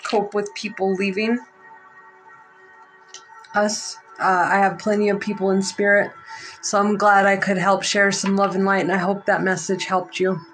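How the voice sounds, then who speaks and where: A woman giving a live psychic tarot reading, halting and emotional, close to tears, with many fillers. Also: mid-range voice, level tone, fairly bright tone, faint music behind, rough recording. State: near tears. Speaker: psychic reader.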